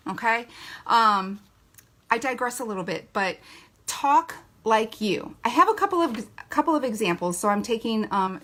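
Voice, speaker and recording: A woman's voice: medium pitch, fairly bright tone. A woman giving a live training talk to a sales team, chatty and playful, laughing often and acting out little quotes.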